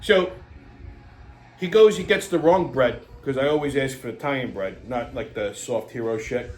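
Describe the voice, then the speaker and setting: A man's voice: mid-range voice, moderate pace. A man hosting a comedy show, ranting in a brash, profane, exasperated way. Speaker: host. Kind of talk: comedic rant. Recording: echoey room with faint music.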